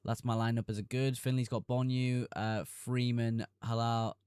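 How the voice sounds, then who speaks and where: A man's voice: medium pitch, level tone, moderate pace, a little mellow, clean tone, no echo, studio quality. A young man streaming live, reading chat messages aloud and answering them casually.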